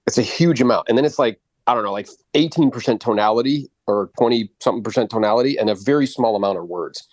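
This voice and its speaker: A man coaching a real estate agent after a live role-play call, animated and blunt, often swearing and acting out quotes in exaggerated voices. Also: mid-range voice, fast talker, few pauses, no echo.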